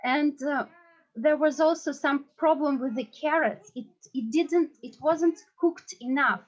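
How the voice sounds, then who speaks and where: High-voiced woman telling an earnest story. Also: highs cut off. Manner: earnest and halting, with restarts. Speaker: disciple sharing a memory. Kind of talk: personal storytelling at a devotional gathering.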